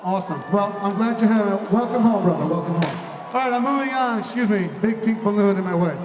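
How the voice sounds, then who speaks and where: A young adult man hosting a big live event with a handheld mic, shouting playful banter to the crowd. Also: high voice, quick pace, background noise. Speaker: emcee of a large live event. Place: large indoor hall with a big audience. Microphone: handheld microphone. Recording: echoey hall, mic heard from far off, music and crowd behind.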